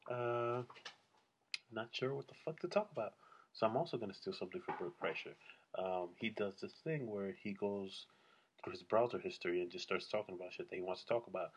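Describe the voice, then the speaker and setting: Husky, low-voiced man ranting casually. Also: lo-fi sound. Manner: profane, blunt, rambling. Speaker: solo vlogger. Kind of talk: casual solo rant.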